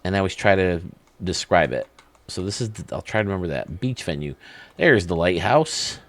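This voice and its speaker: Man, low voice, dry close sound, enthusiastic, rambling gaming commentary. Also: lively intonation, normal speed, no echo. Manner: enthusiastic, rambling, thinks aloud. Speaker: video game channel host. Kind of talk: casual commentary, showcasing game stadiums.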